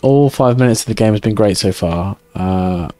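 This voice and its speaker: A man's voice: fairly low pitch, moderate pace, mellow, dry recording, soft background music. Joking, crude male streamer. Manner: joking, crude, reads chat aloud. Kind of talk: casual live-stream chat.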